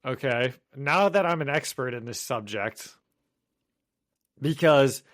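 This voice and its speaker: A man in a relaxed podcast chat, making wry and matter-of-fact comments. His voice sits at a middling pitch, and his delivery stays easygoing and conversational. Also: slow. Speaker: podcast co-host, teacher. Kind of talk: casual chat.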